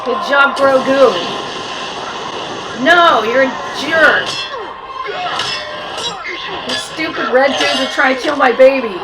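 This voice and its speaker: A woman hosting a reaction video, excitedly yelling and cooing at the episode as she watches. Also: sits high, slow pace, pauses often, background noise.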